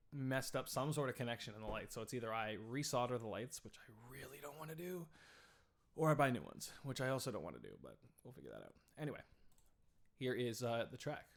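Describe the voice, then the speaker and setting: Casual, rambling young male streamer. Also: medium pitch. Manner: rambling, loose, with frequent fillers and swearing. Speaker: streamer reviewing music. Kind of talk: casual live-stream chat. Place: home studio.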